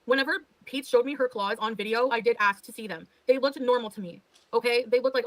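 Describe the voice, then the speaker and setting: A high-voiced woman pours out a defensive livestream rant, clipped and exasperated, with frequent swearing. She talks quickly, and the sound is dry and close, with no room around her. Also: no echo, poor audio. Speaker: livestreamer being reacted to.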